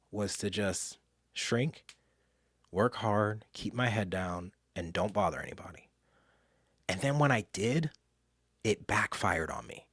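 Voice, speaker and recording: Low-voiced guy telling his life story, goes hushed then loud, dry close sound. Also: no echo. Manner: animated, jumps from hushed to loud mimicry. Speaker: speaker and author. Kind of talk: personal storytelling talk.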